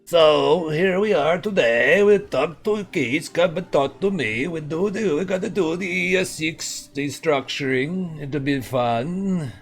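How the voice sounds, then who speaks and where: Loud old New York man , a man doing the voice, high and drawn-out, beckoning the kids over. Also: faint music behind.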